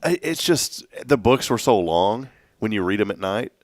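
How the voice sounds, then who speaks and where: Deep-voiced joking man. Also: expressive, moderate pace, dry recording, clean studio sound. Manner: joking, rambling, laughs often. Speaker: morning show co-host. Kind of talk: casual chat.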